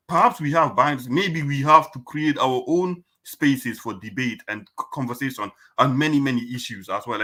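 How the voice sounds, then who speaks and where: Bright, emphatic man on a panel. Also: mid-range voice. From Africa. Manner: impassioned, emphatic, mimics voices. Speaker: panel guest. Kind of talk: casual panel discussion.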